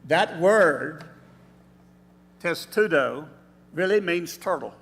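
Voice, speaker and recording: A man filling in as preacher, giving a measured, explanatory sermon with pauses in a church sanctuary. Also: a little high, fairly bright tone. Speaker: substitute preacher. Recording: reverberant church hall.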